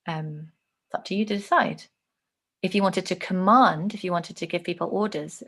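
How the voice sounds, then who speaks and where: A woman teaching an online lesson, explaining clearly and showing examples with her own voice. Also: on the low side, fairly quick.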